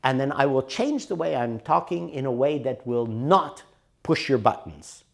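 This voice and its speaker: Male workshop teacher, animated and conversational, widely varied pitch. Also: normal speed, vocal fry. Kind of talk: recorded workshop talk.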